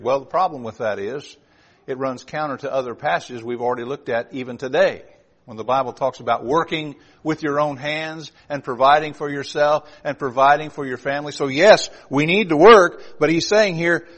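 A man's voice: on the high side, normal speed, fairly bright tone. Male preacher, emphatic sermon delivery with direct questions to the pews. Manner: emphatic, rising and dropping for emphasis; asks the congregation direct questions.

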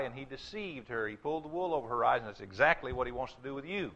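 A man preaching a sermon, emphatic, dropping low and slow for his warnings. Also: animated, fairly bright tone, dull audio. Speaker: pastor.

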